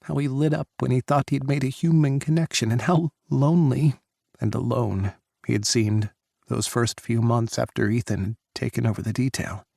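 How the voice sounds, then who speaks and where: Gravelly male audiobook narrator. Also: medium pitch, fairly even intonation, normal speed, mellow, no room sound, clean studio sound.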